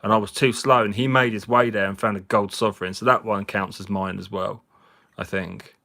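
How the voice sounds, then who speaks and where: A man's voice: on the low side, fairly even intonation, brisk, vocal fry, bright, forceful tone. A man, slightly drunk, hosting a casual live chat with viewers, jokey and chatty and laughing often. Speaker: livestream host. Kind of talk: casual live chat while cleaning finds.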